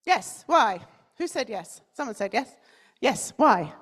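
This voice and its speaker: Fairly high and husky, with a fairly bright tone, this woman's voice is very animated yet measured in pace. Standing in a conference hall, the North Londoner delivers a chatty talk in standard British English, asking the audience questions.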